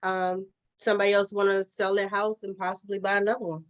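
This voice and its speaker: A woman's voice: medium pitch, flat delivery, a little fast, highs cut off. A woman attending a training, answering the trainer's question in a thoughtful way.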